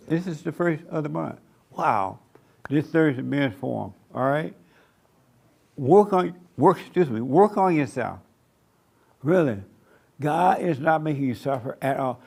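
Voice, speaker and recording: A man preaches a sermon to a small church gathering, his raised voice running with a gravelly rasp. He hammers home short commands again and again and drags out key words slowly for weight. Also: fairly high pitch, expressive, a little mellow. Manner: emphatic, repeats short commands. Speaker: pastor. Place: church meeting room.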